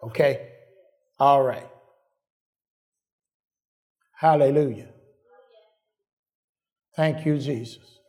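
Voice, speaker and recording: A man's voice: medium pitch, drawn-out words, long pauses, darkish tone. A man preaching a sermon in a call-and-response manner, often asking "Am I right?" and repeating his phrases for emphasis.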